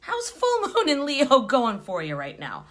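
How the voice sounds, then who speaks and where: Animated chatty woman in her forties. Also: high-pitched, a little slow. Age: 40s. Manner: chatty and animated, greets viewers by name, swears casually. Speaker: spiritual life coach. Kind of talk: casual livestream chat.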